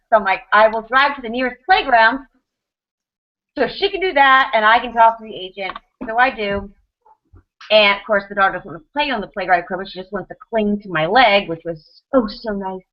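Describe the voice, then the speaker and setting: A woman in her thirties tells a story to a podcast panel, rushing through animated bursts and stumbling over restarts. Her voice sits at an ordinary middle pitch, and the recording sounds dull and lo-fi. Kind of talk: casual storytelling chat.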